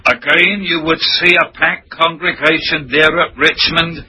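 A man preaching a sermon in a slow, emphatic way, full of rhetorical questions. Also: on the high side, fairly even intonation, pushed and bright, slightly rough, poor audio.

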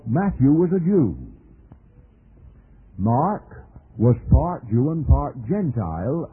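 A man preaching a measured, emphatic sermon, phrasing each point deliberately. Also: medium pitch, breathy edge. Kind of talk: sermon lecture. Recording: tinny old lo-fi radio recording.

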